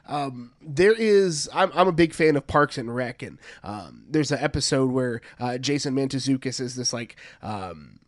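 A man's voice: medium pitch, animated, unhurried, no echo, clean studio sound. A young man co-hosting a sports podcast, talking earnestly and working himself up to fired-up emphasis. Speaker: podcast co-host. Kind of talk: casual sports podcast chat.

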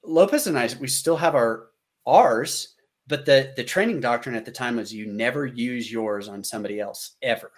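A combat veteran in his thirties with an American accent tells a war story as a podcast guest, in casual storytelling. His mid-range voice moves at normal speed, and he's animated, acts out the dialogue he quotes, and uses frequent fillers.

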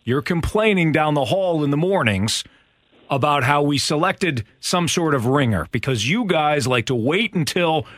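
A man co-hosting a radio show, needling the other host in quick back-and-forth banter. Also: a little high, expressive, a bit bright, no echo. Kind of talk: on-air banter.

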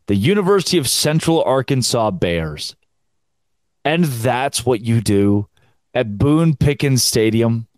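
A young man, hosting a solo college football podcast in a sarcastic, animated rant. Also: medium pitch, unhurried, no echo. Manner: sarcastic, animated, mocking quoted fans. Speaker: podcast host.

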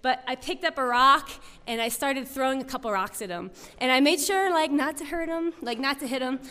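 A woman's voice: high voice, a little fast, pushed and bright, smooth. Chatty woman storyteller in an echoing hall. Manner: chatty, full of "like" and "um" fillers. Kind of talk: personal storytelling to an audience. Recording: long reverb of a hall.

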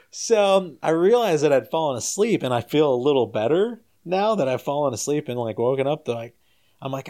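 Animated man telling a funny story. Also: a little fast. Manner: animated, jumps much higher and louder when quoting people; laughs through the story, drops soft and low when winding down. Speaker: guest storyteller. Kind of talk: casual storytelling on a podcast.

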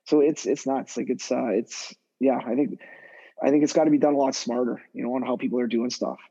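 A man, a guest hockey skill development coach, talking casually on a podcast in a rambling, animated way full of fillers and restarts. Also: medium pitch, a little fast, husky, muffled recording.

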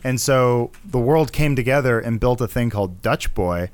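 A man's voice: mid-range voice, animated, moderate pace, dry recording. A man co-hosting a podcast, recapping a movie plot in casual chat, rambling and correcting himself with wry asides. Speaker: podcast co-host.

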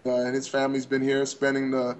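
His delivery is completely flat, quick, and at medium pitch. Still, this basketball podcast co-host keeps the casual sports chat upbeat, spilling out long run-on thoughts.

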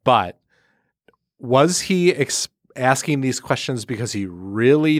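A man's voice: on the low side, no room sound. A man co-hosting a podcast in casual chat, tossing in dry, sarcastic jokes. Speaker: podcast co-host.

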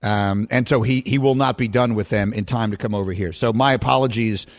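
A middle-aged man hosting a sports radio show, telling stories in a playful, animated way and laughing often. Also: on the low side, fairly quick. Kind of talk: casual sports radio chat.

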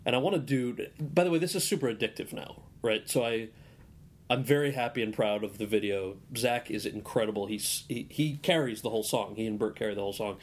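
A man's voice: mid-range voice, fairly quick. Rambling man telling a podcast story. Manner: rambling storyteller with many restarts. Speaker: guest. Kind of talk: casual podcast interview.

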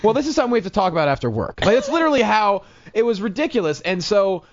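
Comedian guy, kinda high voice, acts out everyone in his story, muffled podcast sound. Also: very fast. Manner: animated, self-mocking, acts out quotes. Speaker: comedian guest. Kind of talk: casual storytelling chat. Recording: dull lo-fi podcast audio.

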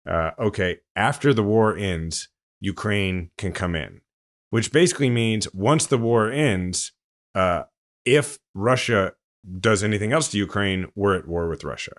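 A man hosting a podcast, explaining political news in a relaxed, chatty way. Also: on the low side, normal speed. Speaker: podcast host. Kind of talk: casual political commentary.

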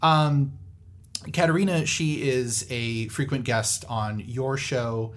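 A man's voice: medium pitch, slow pace. A man co-hosting a podcast, talking in a casual, rambling way with lots of fillers and restarts. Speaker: podcast co-host. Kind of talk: casual panel chat.

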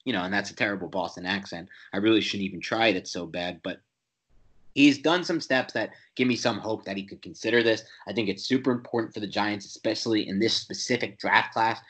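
A man co-hosting a sports podcast, talking football in an animated, opinionated way with quick restarts. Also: fairly low pitch, slightly rough. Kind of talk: casual sports chat.

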